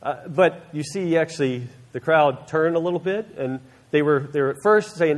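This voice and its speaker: A man's voice: on the high side, normal speed. A man preaching a sermon, retelling a Bible story earnestly and acting out its scenes. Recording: long reverb of a large hall.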